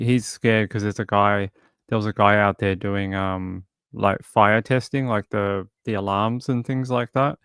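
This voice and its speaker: An Australian man with a fairly low voice chats in a rambling, easygoing way on a livestream. He coos gently at his cat between thoughts. The sound is close and dry. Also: clean tone, no echo. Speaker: true crime streamer. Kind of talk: casual chat during a livestream. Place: home, indoors. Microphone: desk microphone.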